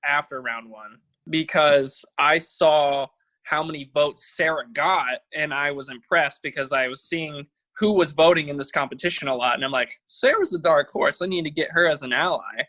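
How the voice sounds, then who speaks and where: A man's voice: on the high side, normal speed, sharp tone, no echo. A young man, a guest, explaining his side of events in casual chat in an exasperated, defensive way.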